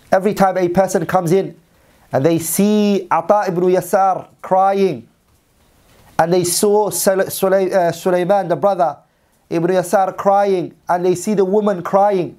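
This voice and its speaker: A man's voice: sits high, a little mellow. A man teaching a religious story as a sermon, reading Arabic passages and then translating and repeating them in English. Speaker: Islamic teacher.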